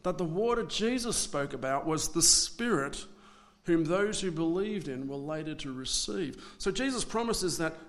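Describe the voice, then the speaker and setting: A man preaching a sermon, swinging between loud dramatic declarations and hushed asides. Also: a little high, animated, normal speed.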